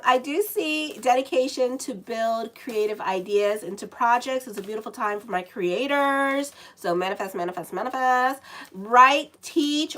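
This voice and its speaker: Woman astrologer, sick, slightly high voice, chatty, cussing asides. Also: a bit bright, rough recording. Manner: chatty, swears and laughs at her own asides. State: sick, dry lips. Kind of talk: casual horoscope reading.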